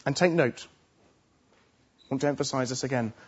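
A man's voice: mid-range voice, moderate pace, breathy edge. Earnest man preaching a sermon, lo-fi. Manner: earnest, emphatic, repeats phrases for stress.

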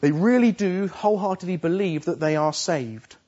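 A man's voice: sits high, moderate pace, warm tone, muffled recording. A man preaching a sermon earnestly, pressing his points home with emphatic repetition. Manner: earnest, emphatic, repeats phrases for stress.

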